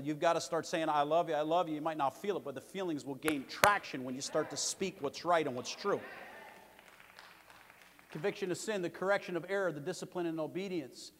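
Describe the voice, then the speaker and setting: A man preaching a sermon as pastor, emphatic and repetitive, swinging between loud declarations and quieter asides. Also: a little high, big-room sound.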